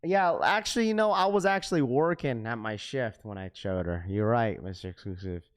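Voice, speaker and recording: A man's voice: medium pitch, expressive, normal speed, clear, resonant tone. Slangy man hosting a sneaker livestream. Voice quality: slangy, says "bro" often. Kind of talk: casual livestream chat.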